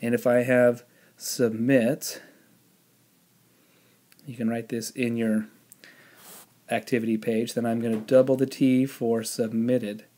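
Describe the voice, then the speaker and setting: A man teaching a spelling lesson, explaining the rules patiently step by step and pausing on the odd "um". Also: medium pitch, flat delivery, mellow. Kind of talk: spelling lesson with classroom instructions.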